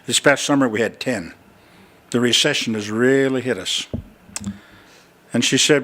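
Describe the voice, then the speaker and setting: A man's voice: mid-range voice, moderate pace, a bit bright. An older man preaching a sermon in a church, telling folksy stories and chatting with the congregation as he makes a fundraising appeal. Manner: folksy storytelling, chatty asides.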